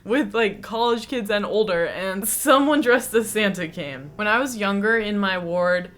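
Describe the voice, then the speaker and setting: A woman's voice: medium pitch, animated, unhurried. A woman from the United States hosting a chatty, explanatory reaction commentary with a lightly sarcastic edge. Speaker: reaction video host. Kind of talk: casual commentary.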